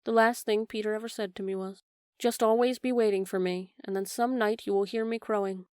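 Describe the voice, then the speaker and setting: A woman voicing a grown mother, soft and tender, in a storybook reading. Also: mid-range voice, fairly even intonation, a little fast, clear, resonant tone, no room sound, clean studio sound, lightly acted.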